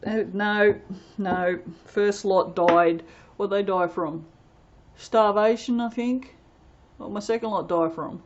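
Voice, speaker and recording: An Australian woman, host of a soap-making channel, chatting casually and rambling while she works, laughing often and breaking into sudden loud exclamations. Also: medium pitch, slow, muffled recording, slight background noise. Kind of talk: casual chat while working.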